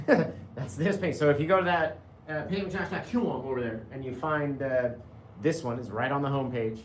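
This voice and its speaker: A man's voice: mid-range voice, moderate pace, reverberant, slight background noise. A man hosting a live painting show, chatting casually with viewers, reading their comments aloud and laughing often.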